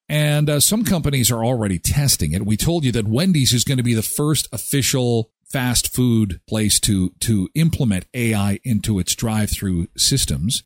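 A man hosting a live morning show from a small studio, talking in an animated, playful, conversational way into a studio microphone. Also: mid-range voice, no room sound. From Canada. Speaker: radio show host.

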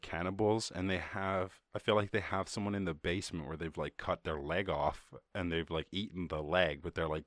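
Clean studio sound with no echo carries a low-pitched man's voice. He's an Irish podcast host whose rambling, casual talk is full of swearing and self-directed laughter, moving between chat and freestyle rapping.

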